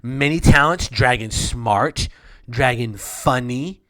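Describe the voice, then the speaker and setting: A man voicing a blunt, dim gully dwarf chieftainess who speaks in broken, loud phrases for a tabletop game. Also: mid-range voice, takes it slowly, dry recording, pitched above the performer's own voice. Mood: boastful. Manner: broken caveman-like grammar, loud and scolding.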